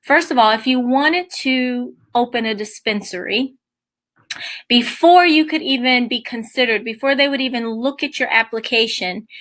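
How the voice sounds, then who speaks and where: A woman with a bright, forward voice gives a business presentation to a room of listeners. She sits a little high in pitch and talks with eager, conversational enthusiasm.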